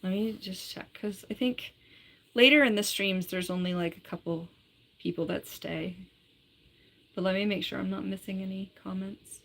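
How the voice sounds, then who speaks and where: Woman, livestreamer, casual live-stream chat, giggly, lots of "like", bright tone. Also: medium pitch, steady tone, moderate pace, gravelly. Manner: chatty, giggly, full of "like".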